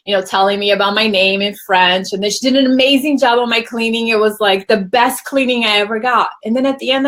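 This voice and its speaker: A woman hosting a relaxed conversation, in a middle pitch. She talks in a chatty, storytelling way and acts out her own quoted lines. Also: quick pace. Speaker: host. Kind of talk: casual chat.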